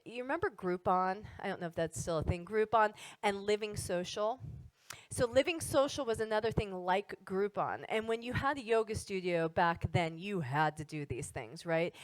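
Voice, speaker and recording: A woman who teaches wellness, telling a personal story to an audience in an animated, casual way. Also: mid-range voice, no echo, rough recording.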